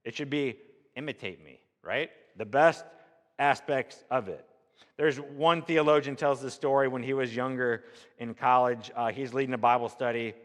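A man's voice: medium pitch, fairly even intonation, moderate pace, in a large hall. A man preaching a conversational sermon from Missouri, asking the congregation rhetorical questions. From Missouri, USA. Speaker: pastor.

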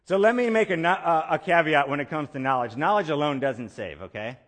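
A man's voice: on the high side, lively intonation, brisk, a bit bright, long reverb tail. A male pastor giving a conversational sermon, repeating key phrases for emphasis. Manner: conversational preaching with emphatic repetition.

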